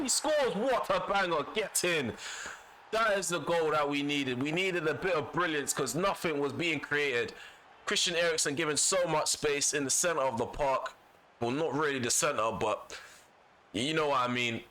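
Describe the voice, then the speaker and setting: A man's voice: medium pitch, bright, forceful tone, a little hiss or hum. A man commentating casually on his own football video game, venting and repeating himself when annoyed. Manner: frustrated, vents and repeats himself. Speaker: gaming YouTuber.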